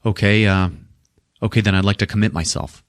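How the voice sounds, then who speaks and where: A man's voice: fairly low pitch, fairly even intonation, a little fast, dry recording, studio quality, natural voice. A man voicing a frantic young man who pleads in a hesitant, stammering way. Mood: pleading.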